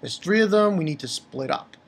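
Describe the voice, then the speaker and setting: A woman's voice: lowish voice, animated, brisk, breathy edge. A woman reviewing manga chapters in a casual, profane, exasperated rant. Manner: exasperated, profane, heated outbursts.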